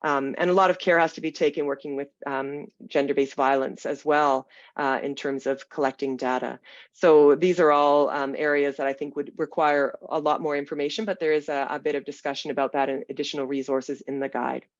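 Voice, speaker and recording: A webinar moderator with a gravelly voice, irritated by smoky air, speaking in a halting, hedging way over a video call. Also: medium pitch, little pitch movement, no echo. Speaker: panel moderator. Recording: dull, dry video call audio.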